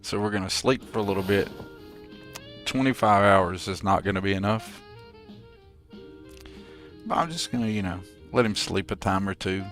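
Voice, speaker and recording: A man with a very low voice talks through a live gameplay stream. He rambles easily and good-humoredly to his chat, keeping things relaxed. Soft music plays quietly behind him. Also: moderate pace, pauses often. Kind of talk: casual live gameplay commentary.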